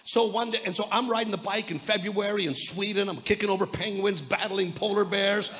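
High-voiced Canadian preacher in a big hall. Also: male voice, brisk. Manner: energetic preaching with repeated restarts and stammers; storytelling, quoting voices of others. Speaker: pastor. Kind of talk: sermon. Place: large church hall.

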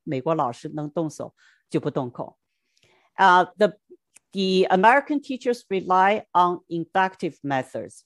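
A middle-aged woman from China giving an academic lecture in short, measured phrases, with occasional Mandarin asides. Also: on the low side, no echo. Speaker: education scholar giving a lecture. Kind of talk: academic talk with slides.

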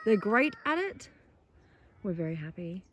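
A woman's voice: medium pitch, sing-song, a little slow, background noise. A woman keeping a farm sanctuary, chatting in a casual morning vlog outdoors and cooing at the animals in baby talk.

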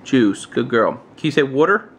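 An American man chatting casually with his toddler on camera, using playful baby talk and high, coaxing questions. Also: sing-song, normal speed, a little hiss or hum. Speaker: parent vlogger.

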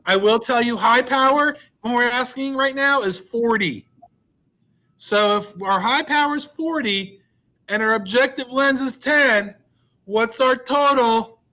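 A man's voice: very high voice, unhurried, sharp tone, highs cut off. A male science teacher leading an online class, joking with and coaxing his students. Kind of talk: online class with a slide deck.

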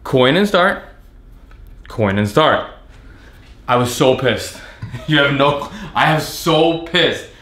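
A man with a mid-range voice hosts a vlog reviewing an arcade cabinet, speaking slowly with long pauses. He casually and animatedly recounts a story in an exasperated tone, quoting the messages he exchanged. The mic sits at a distance in an echoey room.

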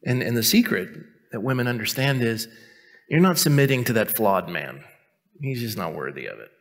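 A man preaching a sermon as pastor, mixing jokes at his own expense with earnest teaching, and dropping to a quiet, intense tone for stern points. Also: mid-range voice, big pitch swings, normal speed. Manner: joking, self-mocking asides between earnest teaching. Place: church sanctuary. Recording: long reverb of a church hall.

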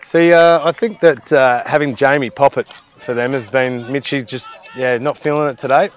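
A man's voice: mid-range voice, moderate pace. A man giving live, chatty play-by-play commentary on a football match outdoors. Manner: chatty, excitable play-by-play with banter.

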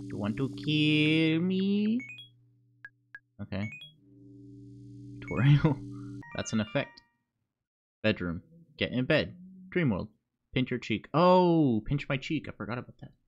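A man's voice: mid-range voice, expressive, a little slow, pauses often, lo-fi sound. A man streaming a game live, chatting and joking to himself as he plays, easily spooked. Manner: chatty, jokey reactions to a horror game, prone to startled yelps. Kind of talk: live gameplay commentary. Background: game music.

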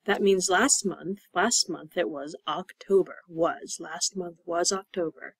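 A woman's voice: fairly low pitch, a little slow, breathy edge, dry recording, rough recording. Patient woman teaching English, dry sound. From United States. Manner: patient, repeats words and spells them out letter by letter. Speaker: ESL teacher. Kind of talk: slow, clear classroom explanation.

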